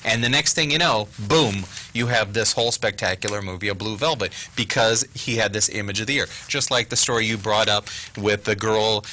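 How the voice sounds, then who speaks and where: Very bright-voiced man discussing film. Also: on the low side, fairly quick, hardly any pauses. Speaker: film review show co-host.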